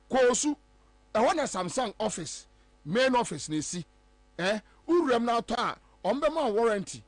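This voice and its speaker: Ghanaian guy on a political talk show, loud and emphatic, high voice, dry sound. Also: no echo. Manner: animated, emphatic, switching between English and Twi. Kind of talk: political commentary.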